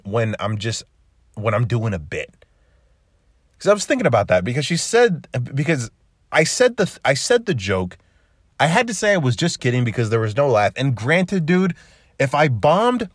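A man hosting a casual solo podcast, rambling and swearing freely and tossing in "dude" every few lines. His pitch jumps all over the place, sliding up and down as he talks, and he sounds close and dry with no room sound. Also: no room sound. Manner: rambling and profane, with constant "dude" and restarts; lively, swinging pitch up and down. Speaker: podcast host.

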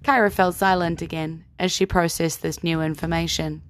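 A woman with a New Zealand accent who hosts a podcast and narrates an improvised tabletop game as the game master. She tells the story in a relaxed way. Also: lowish voice, normal speed.

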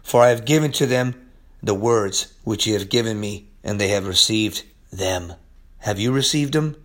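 A man preaching a sermon as pastor, impassioned and laughing often, swinging from soft talk to yelling. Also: fairly low pitch, normal speed. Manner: laughs often mid-sentence.

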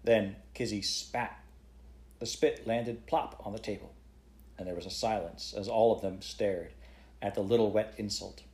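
A man reads a children's novel aloud to a child, steady and expressive. His voice sits low and relaxed. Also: a little slow. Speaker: reading a book aloud to a child. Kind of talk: bedtime storybook reading.

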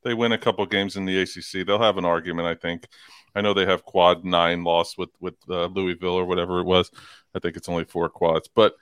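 A man's voice: deep voice, little pitch movement, a little fast, a bit bright, smooth, dry recording. A man co-hosting a casual sports talk podcast, rambling, stammering and firing off rhetorical questions. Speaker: podcast co-host.

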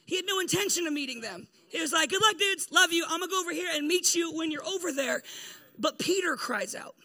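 A man's voice: very high-pitched, expressive, quick pace, bright, forceful tone. A man, a pastor, giving a casual, humorous sermon, telling stories in a chatty way and laughing often. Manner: jokey, chatty storytelling with frequent laughs.

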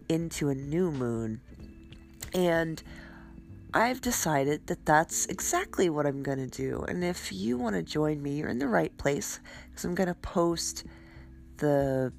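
A woman hosting a podcast, talking casually about spiritual self-care while a little stuffed up, in a relaxed, chatty way. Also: low-pitched. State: stuffed up, congested. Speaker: podcast host.

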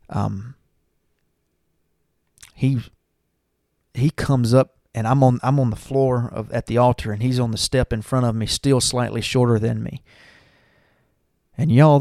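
A man's voice: mid-range voice, warm tone, no echo, studio quality. Earnest man telling his testimony. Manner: earnest storytelling, addressing listeners as y'all. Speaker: church member giving testimony. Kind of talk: personal testimony.

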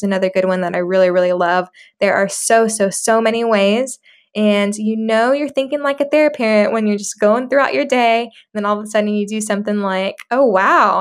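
A young woman hosts her own podcast, giving parents practical advice in a friendly, earnest way. Her voice sits at an everyday middle pitch. She leans on repeated words for emphasis. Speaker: podcast host, occupational therapist. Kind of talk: solo podcast advice talk.

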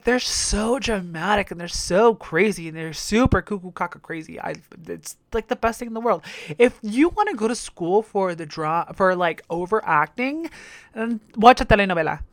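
A woman's voice: mid-range voice, no echo. Young woman, casual reaction commentary, swears a lot, laughs often, dry close sound. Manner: chatty, profane, frequent laughter. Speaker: reaction video host.

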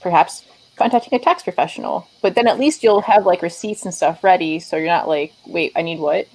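Female co-host, casual, halting delivery. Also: fairly low pitch, lively intonation, darkish tone, rough recording. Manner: halting, many restarts when explaining. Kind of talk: casual chat.

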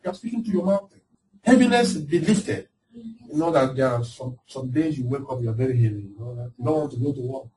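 A man preaching a lively sermon as pastor, laughing often and acting out voices of the people he describes. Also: medium pitch, fairly quick. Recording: distant mic with faint background noise.

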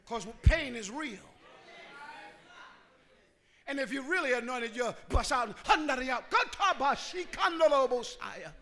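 High, bright-voiced hollering preacher man. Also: slow pace, long pauses. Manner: swings between hollering and hushed pleading; call-and-response with the congregation. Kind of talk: sermon.

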